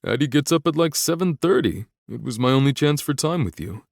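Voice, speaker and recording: A man's voice: mid-range voice, lively intonation, a little fast, gravelly, dry recording, clean studio sound, voice pushed up. A man voicing a sleepy, easygoing young man in an audiobook, talking in a drowsy, casual way.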